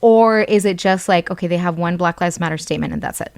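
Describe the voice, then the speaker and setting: A woman's voice: lowish voice, quick pace, a little mellow, clear, resonant tone, dry recording. Frank woman guest, lots of "like". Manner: frank, uses "like" and "right" often. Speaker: interview guest. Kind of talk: casual chat.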